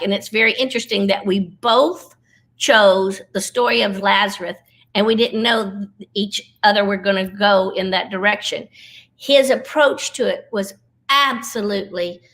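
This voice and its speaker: A middle-aged woman, giving an earnest, folksy devotional talk over a video call, slowing down for emphasis. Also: medium pitch, creaky, bright, forceful tone. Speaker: Christian comedian speaker.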